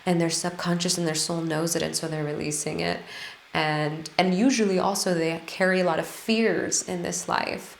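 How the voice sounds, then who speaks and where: A woman's voice: on the low side, steady tone, normal speed, creaky, roomy sound, slight background noise. A woman who works as an energy healer, telling a healing story to camera in an earnest, casual way, with frequent restarts. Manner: earnest, trailing restarts and fillers.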